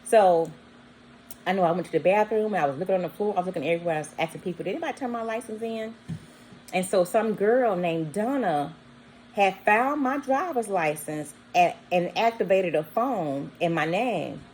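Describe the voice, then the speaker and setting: A woman's voice: lowish voice, normal speed, slight background noise, rough recording. A woman casually telling a long personal story, acting out the people in it. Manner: animated, acts out quoted voices with bleeped words. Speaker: vlogger.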